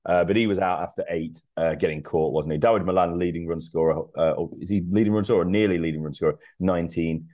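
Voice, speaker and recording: Podcast co-host: man, very low voice, chatty and jokey, laughs a lot. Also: fairly even intonation, fast, few pauses, dark tone. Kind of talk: casual sports podcast chat.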